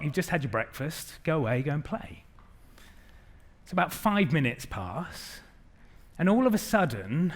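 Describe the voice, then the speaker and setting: A middle-aged man giving an animated keynote talk to a live audience, acting out the quotes in his stories. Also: a little high. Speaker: conference speaker.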